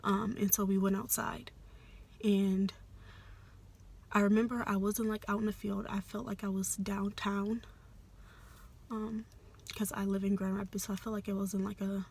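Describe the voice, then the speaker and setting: A young adult woman telling a personal story in a soft, hesitant, often half-whispered way, with many fillers. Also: mid-range voice, little pitch movement, moderate pace, gravelly, long pauses, slightly rough. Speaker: vlogger.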